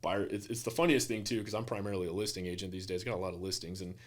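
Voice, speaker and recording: A real estate agent chats casually on a podcast, acting out his clients' quoted words with lively energy. His voice is low-pitched and he talks very fast.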